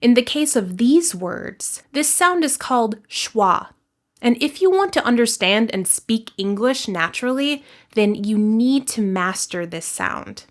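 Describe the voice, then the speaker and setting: A woman teaching an English lesson in a clear, deliberate scripted narration, slowing down to model example words. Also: fairly high pitch, lively intonation.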